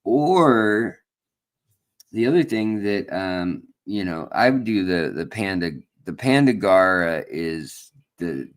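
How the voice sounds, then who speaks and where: A man with a lowish voice chats slowly and loosely on a live stream. He rambles, jokes and fills gaps with "uh" and "like". It sounds like a relaxed indoor studio setup. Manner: rambling and joking, with many fillers. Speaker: host of an aquarium livestream. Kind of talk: casual live-stream chat.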